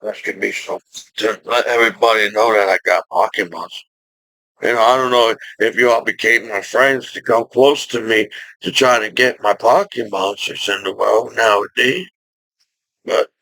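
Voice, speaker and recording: A man in his forties from the United States, talking slowly in a rambling vlog monologue full of "you know" fillers, with sudden loud outbursts. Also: a little high, dry recording, poor audio. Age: 40s. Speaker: vlogger.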